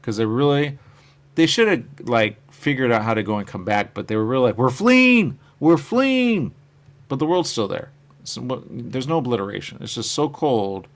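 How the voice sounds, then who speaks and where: On his live stream, he chats in a loose, rambling way about his comic covers and replies to viewers' comments, his phrases often fading out quietly. His mid-range voice is expressive and a little fast.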